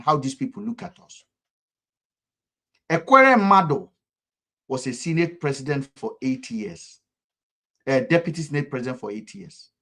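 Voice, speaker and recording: Nigerian male commentator, mid-pitched, fervent and repetitive, jumps between loud outbursts and quiet lines. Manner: fervent, repetitive, sharp swings in loudness. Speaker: political commentator. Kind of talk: impassioned political commentary.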